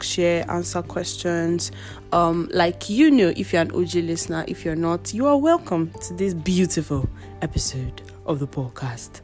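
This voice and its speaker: Woman, podcast host, casual solo chat, playful, lowish voice, faint music behind. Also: darkish tone. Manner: chatty and playful, addresses listeners directly.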